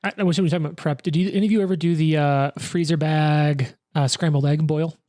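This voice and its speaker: Excited speaker off on a tangent. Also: mid-range voice, fast, no room sound, clean studio sound. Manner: enthusiastic tangents, speeds up when excited. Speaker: tabletop podcast player. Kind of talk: casual chat.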